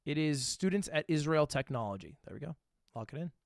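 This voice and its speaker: A man's voice: a little high, expressive, brisk, creaky, no room sound, clean studio sound. A man streaming live, talking through his guesses in a casual, thinking-aloud way with frequent swearing and self-mocking asides. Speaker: livestreamer. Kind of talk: casual livestream commentary while playing a guessing game.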